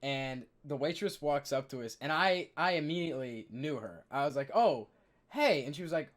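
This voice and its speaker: A young man, a streamer, telling stories in casual chat, excitable and stammering, loudly acting out what people said. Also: on the high side, normal speed.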